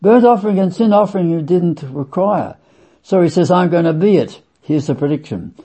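A man preaching a sermon, emphatic and deliberate, stretching key words and swinging his voice up for stress. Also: animated, slightly rough. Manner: emphatic, sweeping swings in pitch and loudness; slow, deliberate, drawn-out phrasing. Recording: dull lo-fi recording.

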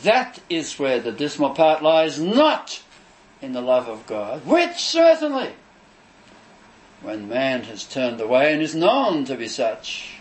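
A man preaching a sermon, emphatic and declamatory, repeating phrases for stress and pausing between them. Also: mid-range voice, big pitch swings, low-quality recording. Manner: measured, declamatory delivery with pauses between phrases.

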